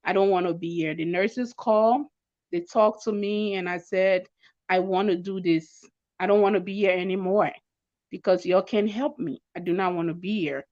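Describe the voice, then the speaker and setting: A woman's voice: mid-range voice, steady tone, normal speed, darkish tone, muffled recording. Earnest young woman telling her story. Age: young adult. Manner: earnest, emotional storytelling with stammers and repeated words. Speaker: guest sharing her cancer story. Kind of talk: personal testimony in an interview.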